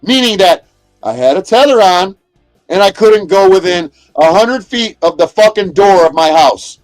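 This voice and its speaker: A man livestreaming from inside a motorhome, ranting at his chat in a profane, aggressive way and shouting at chatters. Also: sits high, lively intonation, moderate pace, no echo, faint music behind. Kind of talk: angry livestream rant.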